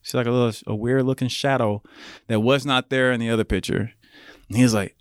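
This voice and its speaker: A man in his thirties, a podcast guest, telling his story in a relaxed, casual way full of filler words. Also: medium pitch, fairly quick, clean tone, dry recording, clean studio sound. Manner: relaxed, leans on fillers like "like" and "you know".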